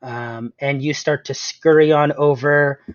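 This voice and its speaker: A man's voice: fairly high pitch, fairly even intonation, a little slow, no echo. A man narrating as game master of a tabletop game, in a chatty way with frequent ums and laughs. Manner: chatty, laughs often, fills with um. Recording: dull lo-fi sound, dry room.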